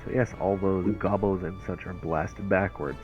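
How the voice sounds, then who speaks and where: Deep-voiced game master, dull lo-fi sound. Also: male voice, fairly even intonation, moderate pace, soft background music. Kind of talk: narrating a tabletop game.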